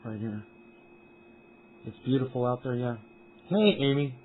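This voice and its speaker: A man's voice: medium pitch, animated, measured pace, slight background noise. A man chatting casually on a live stream from up on a mountain, rambling, swearing freely and talking to his viewers. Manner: rambling, profane, talks to chat viewers. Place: outdoors up on a mountain. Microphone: cell phone. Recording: tinny phone-quality stream audio.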